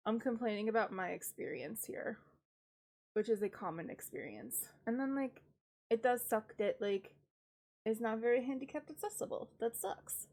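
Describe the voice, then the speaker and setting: A woman's voice: on the high side, moderate pace, creaky, a little mellow. A woman from the United States chatting casually on a live stream, ranting wryly and laughing often, congested from a cold.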